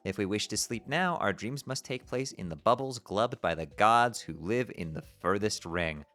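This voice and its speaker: A man's voice: lowish voice, animated, moderate pace, fairly bright tone, faint music behind. A man voicing a bubbly, regal teenage sea-troll princess who drops "glub" into her speech as he reads a webcomic aloud. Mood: airy explaining.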